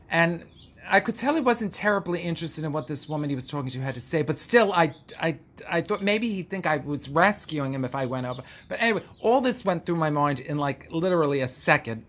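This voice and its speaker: A man's voice: a little high, fairly bright tone. A man hosting a casual vlog, telling a story in a theatrical, gushing, camp way and drawing out words. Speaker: vlog host. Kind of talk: casual chat monologue.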